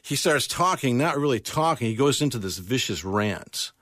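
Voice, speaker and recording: A man's voice: mid-range voice, animated, normal speed, a bit bright, no room sound. An American man, an author, telling a tense travel story in a radio studio and acting out the people in it. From United States. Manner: vivid storyteller, quotes others in character. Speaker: author and guest.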